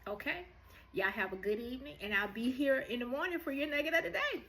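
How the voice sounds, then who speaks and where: A woman's voice: high-pitched, fast talker, pushed and bright. A woman hosts a heartfelt motivational talk to her viewers, speaking earnestly and encouragingly. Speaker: host.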